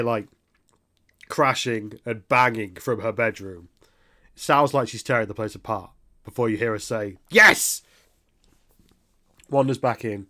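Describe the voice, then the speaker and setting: A man's voice: on the low side, a bit bright. A man running a tabletop role-playing game, narrating scenes with casual asides and the odd swear. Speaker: game master.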